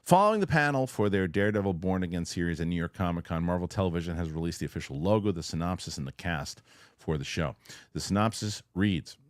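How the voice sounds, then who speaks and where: Low, dry-voiced male host riffing. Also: fast, no room sound. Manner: rambling, animated, loose with restarts. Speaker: show host. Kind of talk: casual news-reaction chat.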